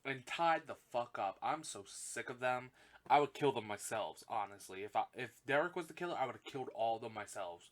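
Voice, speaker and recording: A man recapping a film on his podcast in loose, rambling chat, peppered with swearing. His voice sits at an ordinary middle pitch, and he swings between excited gushing and indignant rants. He stumbles, backtracks and corrects himself as he goes. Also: a little fast. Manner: chatty with fillers and self-corrections. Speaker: podcast host. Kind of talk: casual solo film recap.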